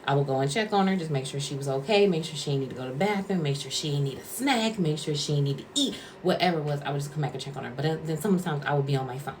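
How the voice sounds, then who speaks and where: Very fast and with hardly any pauses, her low voice carries a rambling, chatty story as she acts out people's words. She's a vlogger and former caregiver telling it for a casual storytelling vlog, against a noisy background.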